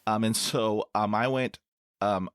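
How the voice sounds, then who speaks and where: A middle-aged man hosting a podcast interview, speaking slowly with stutter blocks and repeated sounds. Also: fairly low pitch, steady tone, a bit bright, smooth, dry recording, studio quality. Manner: slow, halting speech with stutter blocks. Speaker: podcast host.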